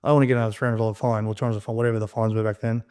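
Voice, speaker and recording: A man in his thirties, a podcast guest, telling his story in rapid, animated, profane casual conversation and acting out the dialogue. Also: lowish voice.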